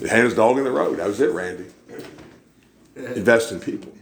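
A man's voice: mid-range voice, lively intonation, normal speed, creaky, a crowd in the background. A man, preaching in a church and telling folksy stories, acting out the people he quotes. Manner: folksy storyteller, acts out quoted voices. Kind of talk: sermon storytelling.

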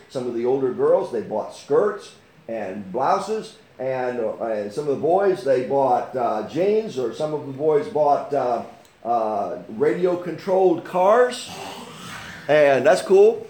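A man in his sixties preaching a testimony sermon, halting with fillers and restarts, rising to fervent outbursts. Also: medium pitch, big pitch swings, a little mellow. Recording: roomy echo.

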